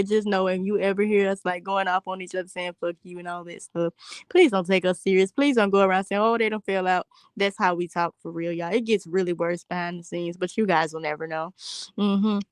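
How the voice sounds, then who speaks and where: A woman's voice: mid-range voice, steady tone, fairly quick, clear, resonant tone, no room sound. A young woman hosting a casual livestream, reading viewer comments aloud in a brash, profane, joking way. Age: young adult. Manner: brash, profane, laughing, talks straight to chat. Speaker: livestream host.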